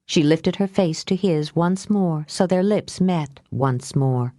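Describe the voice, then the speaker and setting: A woman reading an audiobook aloud, lifting her pitch for dialogue and dropping low for the narration. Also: takes it slowly, mellow, dry recording, clean studio sound. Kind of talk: audiobook narration with character voices.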